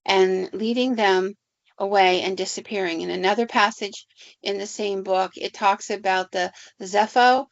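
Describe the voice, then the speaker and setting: Casting: woman podcast host, mid-pitched with a gravelly edge, measured and explanatory. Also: steady tone, dry recording, muffled recording. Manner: explanatory, measured, frequent ums. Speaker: paranormal podcast host and storyteller. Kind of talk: casual podcast narration.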